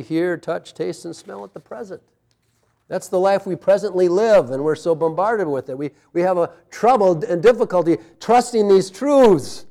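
A man's voice: on the high side, dark tone. A man preaching a sermon as a pastor, conversational, with personal asides, laughs and calls of amen.

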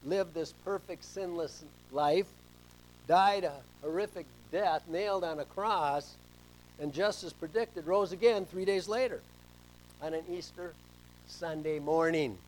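Fairly high-voiced middle-aged male pastor preaching. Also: unhurried, a little hiss or hum, rough recording. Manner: storytelling, swings between soft asides and loud emphasis. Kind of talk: sermon.

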